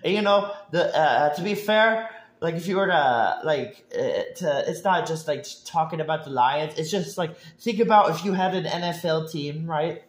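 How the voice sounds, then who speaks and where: A man's voice: on the high side, moderate pace, hardly any pauses. A young man ranting casually about football, rambling with many restarts and heated outbursts. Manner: bursts into shouting and laughter. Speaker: sports vlogger. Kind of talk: casual sports rant.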